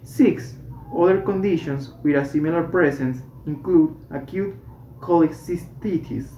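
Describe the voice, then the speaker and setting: A student slowly reading a medical English textbook aloud, correcting small slips along the way. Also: medium pitch, mellow, slight background noise. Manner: slow, careful reading with self-corrections. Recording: roomy, slightly dull home recording.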